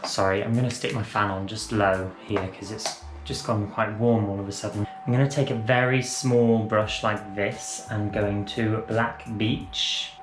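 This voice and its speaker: A man's voice: on the low side, fairly even intonation, a little slow. Brief: male drag makeup vlogger, rambling playful chat, room echo with faint music. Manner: rambling, self-correcting, playful. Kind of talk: chatty makeup tutorial. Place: room at home.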